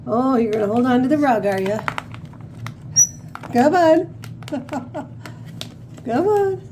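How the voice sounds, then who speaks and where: A woman with a high, bouncy voice, teasing and coaxing her pet in an unhurried sing-song. She talks in a home with a faint hum of noise behind her. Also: expressive. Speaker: pet owner filming her parrot. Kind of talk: casual talk to a pet. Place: home, indoors.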